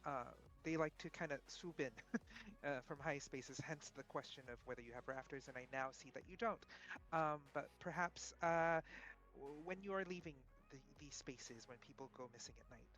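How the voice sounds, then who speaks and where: A man playing a nervous, halting investigator. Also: on the high side, fairly bright tone, natural voice, poor audio. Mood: anxious. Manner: halting, full of ums and restarts. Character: nervous, earnest young paranormal investigator.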